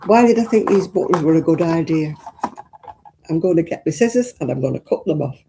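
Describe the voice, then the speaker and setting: A woman's voice: low-pitched, lively intonation, brisk, creaky, noisy background. A woman, hosting a casual crafting live stream and chatting to viewers, fussing and exclaiming as she talks. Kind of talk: casual live-stream chat while crocheting.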